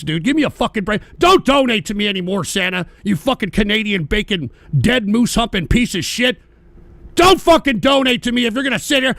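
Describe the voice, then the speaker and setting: A man hosting a livestream, delivering a profane, sarcastic political rant that often breaks into shouting. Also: very high voice, gravelly, no echo. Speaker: livestream host.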